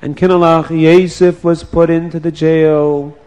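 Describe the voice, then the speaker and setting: A man telling a children's story in a lively, playful way, asking the children questions. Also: a little high, unhurried. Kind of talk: animated children's story narration.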